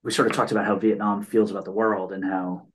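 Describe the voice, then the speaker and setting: Low-voiced rambling American storyteller. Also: male voice, little pitch movement, fast, poor audio. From United States. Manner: rambling storyteller, tags points with "right?". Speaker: podcast host. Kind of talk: casual conversation.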